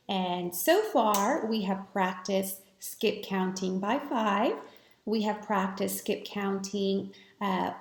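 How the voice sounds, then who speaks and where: Slow, patient woman teacher in echoey room. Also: medium pitch. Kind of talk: recorded math lesson for students.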